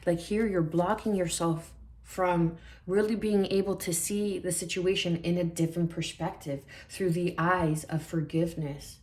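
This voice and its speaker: A woman giving a spiritual tarot reading in a soft, reflective way, often repeating phrases for emphasis. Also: lowish voice, steady tone, normal speed, hardly any pauses, roomy sound. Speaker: tarot reader.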